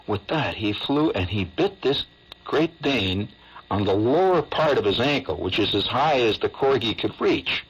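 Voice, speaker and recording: A man's voice: medium pitch, animated, measured pace, husky, rough recording. A man, hosting a radio show and telling a long comic story in a chatty, rambling way with amused asides.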